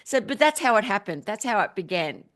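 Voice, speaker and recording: A woman's voice: medium pitch, very animated, a little fast, fairly bright tone. A middle-aged woman, a musician and spiritual teacher, chatting as a podcast guest in an upbeat way and laughing often as she tells stories. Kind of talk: casual interview chat.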